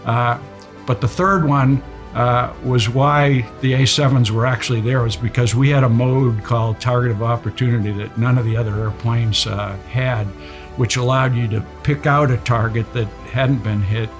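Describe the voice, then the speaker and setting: A man's voice: mid-range voice, moderate pace, over music. Older man telling a war story. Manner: relaxed storytelling with frequent fillers. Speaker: retired naval aviator. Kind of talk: recounting a combat mission.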